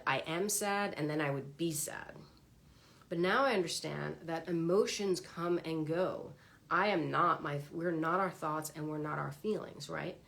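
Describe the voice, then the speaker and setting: A woman with a low voice that has a gravelly, fry-tinged edge, speaking in a casual livestream monologue. She is chatty and animated, often acting out her own inner thoughts as quick little exchanges. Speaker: vlogger sharing her therapy experience. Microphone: phone or webcam on a livestream.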